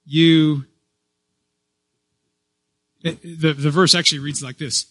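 A man preaching a sermon as pastor, stressing key phrases loudly, then dropping to a soft voice, and restarting phrases as he goes. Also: on the high side, level tone, slow, long pauses, dry recording. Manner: repeats and restarts phrases as he speaks.

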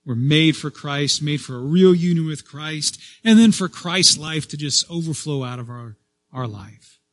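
A man preaching a sermon as pastor, stressing key phrases loudly, then dropping to a soft voice, and restarting phrases as he goes. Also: fairly high pitch, expressive, measured pace, dry recording. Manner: repeats and restarts phrases as he speaks.

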